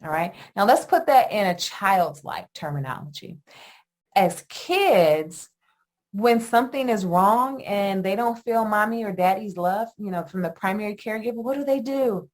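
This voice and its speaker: A middle-aged woman hosting a solo podcast on attachment, talking in an animated, emphatic way with lots of rhetorical questions. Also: mid-range voice, normal speed. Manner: animated, emphatic, often asks "guess what" and "right?". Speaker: podcast host, attachment educator.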